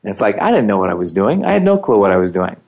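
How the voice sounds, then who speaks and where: A man's voice: lowish voice, very animated, very fast, vocal fry, darkish tone, slightly rough. A middle-aged man telling his story in casual conversation, animating the quoted dialogue.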